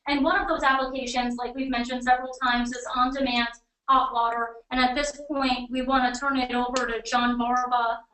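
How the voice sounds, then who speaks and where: A high-voiced woman with a New England accent hosts a webcast in an upbeat, conversational manner. Her voice echoes around the room, picked up from a distance. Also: little pitch movement, normal speed, few pauses, pushed and bright. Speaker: webcast host and editor. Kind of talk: hosting a webcast. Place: office or studio room beside a colleague.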